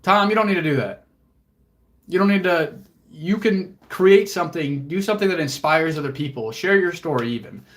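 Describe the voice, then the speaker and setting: Earnest motivational man, slightly high voice. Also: expressive, moderate pace. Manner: earnest, motivational, swears casually, gets emotional. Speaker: fitness coach and livestream host. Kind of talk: emotional livestream talk with viewers.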